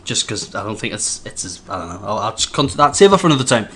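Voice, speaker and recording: A man's voice: fairly low pitch, very animated, quick pace, bright, forceful tone, slight background noise. A man, a podcast co-host telling a rambling story with frequent restarts. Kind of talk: casual anecdote telling.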